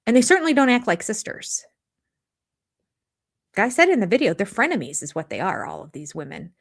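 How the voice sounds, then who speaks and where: An older woman hosting a live chat with viewers about a reality show, casual and animated, with restarts and quoted asides. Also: medium pitch, a little fast, vocal fry. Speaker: livestream host of a reality TV recap channel.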